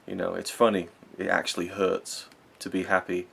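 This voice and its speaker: A man's voice: low voice, level tone, normal speed, gravelly, hardly any pauses, husky. A young man giving a rambling, enthusiastic spoken film review, full of fillers and self-corrections.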